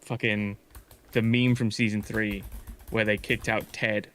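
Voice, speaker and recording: A man's voice: lowish voice, little pitch movement, a little slow, fairly bright tone. A man telling a long story in casual chat as a streamer, rambling with frequent swearing and restarts. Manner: rambling, swears often, many fillers and restarts.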